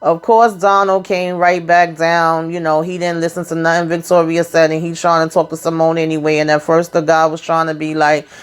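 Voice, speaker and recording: A woman's voice: low voice, little pitch movement, brisk, few pauses, clean tone. Chatty woman recapping a TV episode. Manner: chatty, slangy, talks straight to viewers. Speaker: TV recap vlogger.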